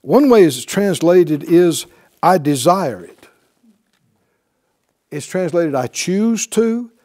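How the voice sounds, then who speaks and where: A man's voice: high voice, warm tone. Fervent man teaching a Bible class. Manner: fervent, exclaims hallelujah, quick laughs. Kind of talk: preaching-style Bible class.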